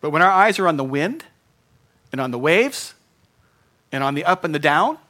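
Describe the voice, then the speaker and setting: A man's voice: fairly high pitch, sing-song, moderate pace, pushed and bright. A middle-aged man preaching a sermon in an earnest, conversational way, rising to bursts of emphasis. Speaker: pastor.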